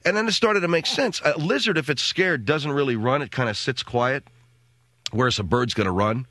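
A middle-aged man hosting a radio talk show, telling a comic story in an animated, jokey way and acting out voices and sounds. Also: mid-range voice, normal speed, no room sound, studio quality.

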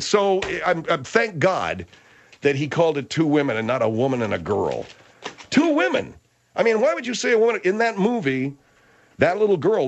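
An excitable male radio host whose pitch leaps around as he argues. He talks fast and gets worked up in a comedy talk show. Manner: excitable, argumentative.

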